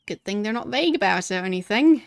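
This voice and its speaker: A woman streaming a retro role-playing game, reading its text aloud and adding wry, sarcastic asides in a quiet, muttered voice. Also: mid-range voice, animated, fast talker, no echo.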